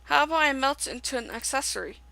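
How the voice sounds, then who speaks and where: A woman's voice: high-pitched, animated, fast, creaky, bright, forceful tone, dry recording, voice pushed up, exaggerated voice, rough recording. A woman reading the lines of an older male blacksmith from a game, in her own voice. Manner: reading game dialogue aloud.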